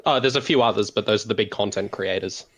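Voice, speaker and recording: An Australian man as a guest in a casual chat, relaxed and full of ums and uhs. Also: on the low side, quick pace.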